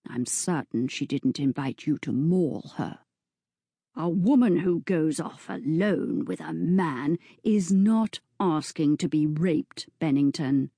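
A woman voicing a gentleman rescuer, lower, measured, cutting, slow and mellow. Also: lively intonation, husky, no echo, studio quality, full character voice. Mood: cold. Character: cool, protective gentleman rescuer.

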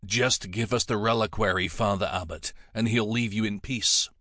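Man voicing a soft-spoken Viking raider, low hushed tone, audiobook, dry sound. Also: steady tone, normal speed, dry recording. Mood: coaxing. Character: gentle male Viking raider, quiet.

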